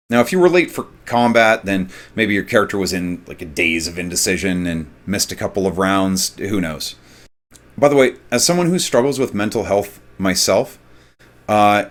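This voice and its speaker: Man, lower-pitched voice, casual explanatory advice, tabletop gaming tips, occasional fillers. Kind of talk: conversational advice monologue.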